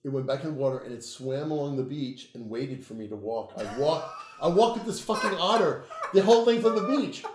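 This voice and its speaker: A man, an occult author, telling stories in a casual interview, swearing freely and getting animated. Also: on the high side, brisk, hardly any pauses, roomy sound, noisy background. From United States. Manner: profane, animated storytelling, laughs at own tales.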